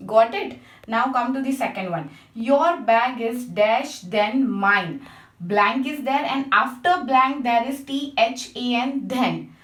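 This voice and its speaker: A woman's voice: fairly high pitch, expressive, takes it slowly, fairly bright tone. A woman teaching a grammar lesson, patiently spelling out letters and checking with her class. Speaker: English teacher. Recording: echoey room, mic at a distance.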